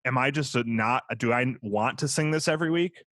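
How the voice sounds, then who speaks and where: A man co-hosts a podcast in loose, rambling chat, stumbling over fillers and laughing at himself. His voice sits at a middle pitch, recorded dry and close on the mic. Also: fairly quick, fairly bright tone, dry recording. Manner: rambling, full of fillers and self-deprecating laughs. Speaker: podcast co-host. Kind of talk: casual chat.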